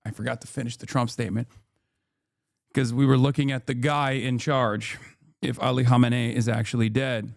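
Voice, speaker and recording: A man's voice: mid-range voice, normal speed, creaky, pauses often, no echo, studio quality. A man doing live stream commentary, sarcastic and profane, rising into angry rants.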